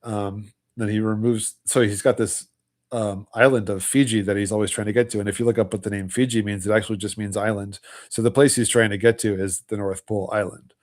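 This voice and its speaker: A man hosting a casual livestream, hoarse with his voice almost gone, tired, rambling through loose explanations. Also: fairly low pitch, fairly even intonation, a little fast. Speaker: livestream host.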